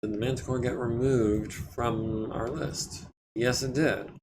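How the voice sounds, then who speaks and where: A man casually talking through repairs while streaming a strategy game, his throat a bit scratchy and often cleared. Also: medium pitch, measured pace. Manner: relaxed, thinking aloud while managing repairs. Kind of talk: casual let's-play commentary.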